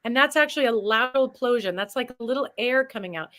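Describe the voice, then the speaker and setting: Bright middle-aged woman, chatty and animated, voice sits a bit high. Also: fast talker, low-quality recording. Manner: animated, chatty, drifts into demonstrations. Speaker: guest performer. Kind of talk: lively interview storytelling.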